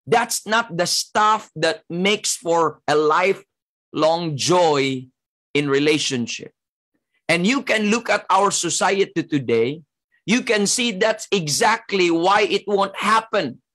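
A man's voice: sits high, expressive, takes it slowly, sharp tone. A man with a Filipino accent preaching a sermon as pastor, emphatic and repetitive, breaking up his points with "Amen.".

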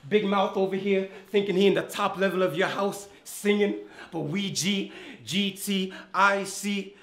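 A man from Ireland with an American accent delivers rap battle verses in a taunting, boastful rhythm. His voice sits high. The hall around him rings with a roomy echo. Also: steady tone, measured pace, a bit bright. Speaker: battle rapper. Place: indoor battle venue.

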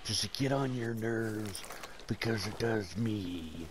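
A man giving rambling, joking commentary over his gameplay, swearing often and jumping between loud bursts and mumbled asides, wired on caffeine. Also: fairly low pitch, takes it slowly, background noise.

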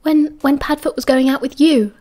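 A woman's voice: sits high, steady tone, normal speed, a little mellow, voice pushed up, lightly acted. A woman reading an audiobook, voicing a timid teenage boy who sounds glum and hesitant.

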